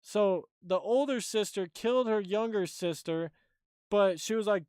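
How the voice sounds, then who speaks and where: A man with a high, smooth and clear voice chats casually on a live stream, blunt and rambling. The sound is close and dry. He comes across offhand, throwing out quick verdicts. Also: a little mellow, no echo. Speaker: streamer host.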